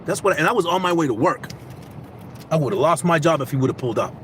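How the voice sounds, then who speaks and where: A man vlogging casually, giving motivational life advice in animated, repetitive storytelling. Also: fairly high pitch, quick pace, slight background noise.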